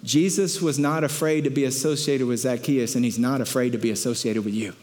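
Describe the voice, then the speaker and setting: A man preaching a sermon, telling a story with animated delivery and acting out the crowd's voices. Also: mid-range voice, brisk. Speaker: pastor.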